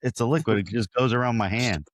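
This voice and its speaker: A man's voice: medium pitch, fast, no room sound, studio quality. A man joking around and laughing a lot during a casual podcast chat.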